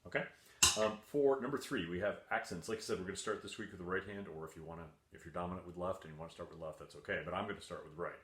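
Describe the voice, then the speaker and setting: Deep-voiced patient man teaching percussion. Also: rapid-fire, fairly bright tone, echoey room. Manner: patient, repeats instructions, counts beats aloud. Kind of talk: home video music lesson for children. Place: room at home. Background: faint drumming on a table and books.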